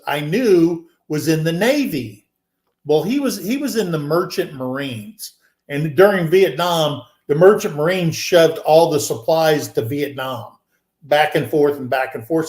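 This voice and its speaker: A man in his sixties, co-hosting a show, telling a rambling story and acting out the people in it with a raised voice. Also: fairly high pitch. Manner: animated, acts out quoted people in a raised voice; rambling with many fillers and restarts. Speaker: podcast co-host. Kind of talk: casual storytelling. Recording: echoey room.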